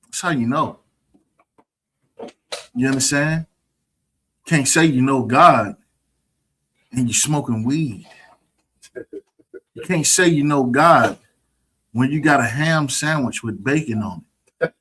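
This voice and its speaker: A husky-voiced man leads an online scripture lesson, preaching with a mocking edge. He keeps checking in with his listeners, asking whether they understand. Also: medium pitch, takes it slowly, long pauses, fairly bright tone. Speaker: scripture teacher.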